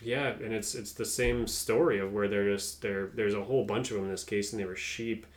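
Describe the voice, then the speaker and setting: A man co-hosting a casual podcast, laying out the topic in a relaxed, halting way. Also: lowish voice. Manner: relaxed, halting, many fillers. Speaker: podcast co-host presenting the topic.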